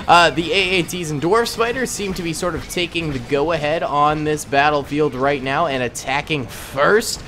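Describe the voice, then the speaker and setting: Young man, gameplay commentary, chatty, chuckling, fairly high-pitched. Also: moderate pace, hardly any pauses, bright, forceful tone, a little hiss or hum. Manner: upbeat, chatty, chuckles often. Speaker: gaming channel host.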